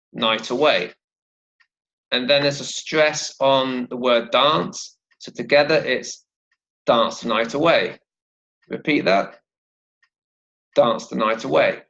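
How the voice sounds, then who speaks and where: A man teaching an English vocabulary lesson, slowly modelling pronunciation and asking learners to repeat. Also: medium pitch, vocal fry, a bit bright, highs cut off. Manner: slow, deliberate, models pronunciation for repetition.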